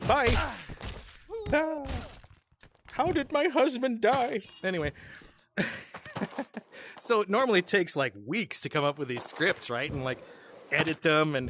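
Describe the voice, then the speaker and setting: A man hosting a gaming channel, telling a story casually while he plays, laughing often and tossing in sarcastic asides. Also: a little high. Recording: steady background noise with clicks.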